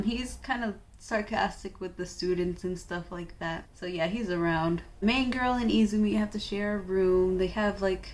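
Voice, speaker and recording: A young woman summarizing a manga in a chatty, casual way, full of "like" fillers and wry asides. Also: medium pitch. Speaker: manga reviewer. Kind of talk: casual book recap.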